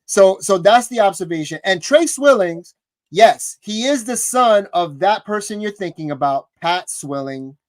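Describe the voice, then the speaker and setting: A man co-hosts a casual sports talk livestream. He speaks slowly and deliberately, laying out his points analytically. The sound is dry and close to the mic. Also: sits high, lively intonation, no echo. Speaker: podcast co-host.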